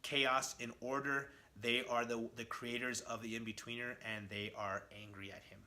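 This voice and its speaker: A man's voice: medium pitch, little pitch movement, normal speed, bright, forceful tone. A man hosting a casual comic book video who tells the story with enthusiasm and speaks straight to his viewers. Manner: enthusiastic, addresses viewers directly.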